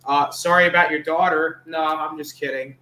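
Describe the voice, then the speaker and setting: Man mocking up a masked slasher, flippant, sarcastic, slightly high voice, echoey room. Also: steady tone, normal speed, bright, forceful tone. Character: mocking jokey masked male slasher killer.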